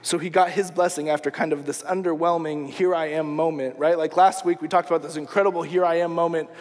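A man's voice: fairly high pitch, fairly even intonation, fast talker, darkish tone. A man preaching a sermon as pastor, retelling a story casually and acting out the quoted lines. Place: church sanctuary. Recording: long church reverb.

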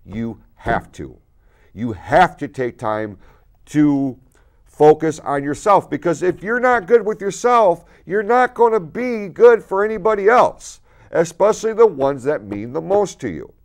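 A man's voice: fairly high pitch, animated, unhurried. A man hosting a local TV talk show, giving an earnest motivational talk in the studio that builds to emphatic points.

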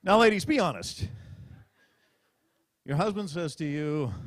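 A man's voice: on the high side, lively intonation, a little slow, long pauses. A man doing stand-up comedy on stage, telling a mock-dramatic story into a stage microphone. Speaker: comedian at a press club roast. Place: stage before a live audience.

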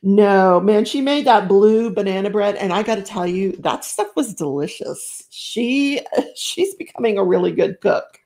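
A woman's voice: medium pitch, lively intonation, unhurried, a little mellow. A middle-aged woman hosting a live stream, chatting casually and effusively while she crafts, greeting viewers with lots of exclamations. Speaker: livestream host.

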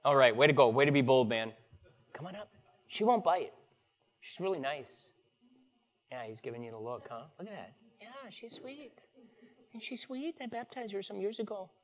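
A man's voice: on the high side, very animated, moderate pace, pauses often. A male pastor leading a prayer and then an upbeat, playful children's message at a church service. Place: church sanctuary.

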